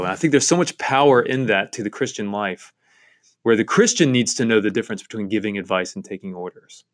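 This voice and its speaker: A man's voice: fairly low pitch, fairly quick. A man giving a devotional Bible-study talk on a novel, earnest and enthusiastic, with frequent fillers and restarts.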